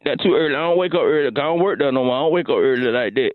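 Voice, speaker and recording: A man's voice: medium pitch, rapid-fire, a little hiss or hum, lightly acted. A man playing a boastful, streetwise caller who trash-talks the hosts, with constant "boy" and "Shawty". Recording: tinny phone line.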